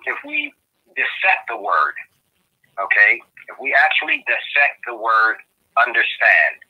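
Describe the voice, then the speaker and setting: A man lectures in a very bright, husky voice. He keeps checking in with "okay?" and backtracks through restarts and fillers. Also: medium pitch, low-quality recording. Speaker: guest speaker. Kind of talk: lecturing monologue.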